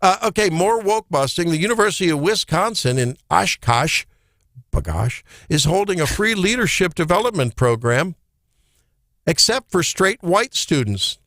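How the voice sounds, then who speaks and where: Midwestern male morning radio host, slightly high voice, jokey and incredulous, dry close mic. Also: moderate pace, dry recording. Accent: Midwestern American. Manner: jokey, incredulous, lively opinionated commentary. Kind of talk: talk radio banter and commentary. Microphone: studio microphone.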